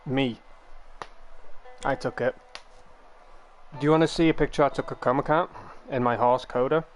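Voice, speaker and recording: A man's voice: mid-range voice, fairly even intonation, moderate pace, slight background noise. A young man chatting casually on a live stream, rambling through long explanations of how he took his screenshots.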